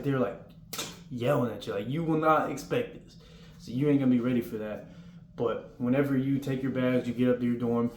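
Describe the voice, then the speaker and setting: A young man talks in a loose, rambling way as he gives advice about basic training, sometimes acting out the yelled commands. His voice sits at a middle pitch. The room is roomy and echoey, with a faint hum behind him. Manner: rambling, informal, acts out drill yelling. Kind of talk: casual advice vlog.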